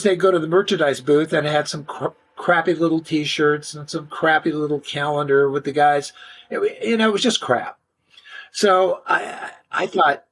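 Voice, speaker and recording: An older man telling stories casually in an interview, animated and slangy, often restarting his sentences. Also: a little high. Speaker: interview guest.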